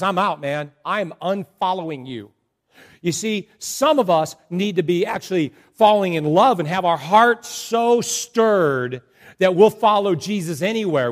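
Male pastor, high voice, playful joking sermon delivery. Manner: joking, animated storytelling to a congregation.

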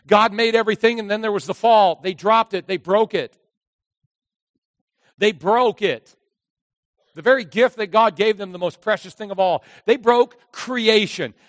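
A man preaching a sermon as a pastor, animated and acting out the characters in his story. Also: high voice, no echo, big-room sound. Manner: animated, acts out voices of characters.

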